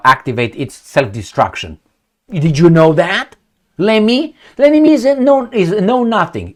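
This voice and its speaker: A man hosting a solo political commentary. He talks bluntly and sarcastically, swears, and rambles with searching fillers. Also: mid-range voice.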